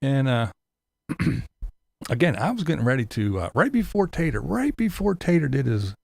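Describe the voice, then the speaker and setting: A man's voice: mid-range voice, very animated, normal speed, gravelly, darkish tone, dry recording. A man giving a sarcastic, profane ranting commentary as a YouTube commentator.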